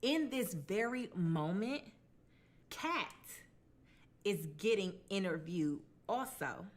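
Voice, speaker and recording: A woman retells a true crime case over a meal in a relaxed, chatty voice. She talks conversationally, with blunt, colloquial asides. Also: mid-range voice. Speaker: true crime mukbang host. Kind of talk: casual true crime storytelling while eating.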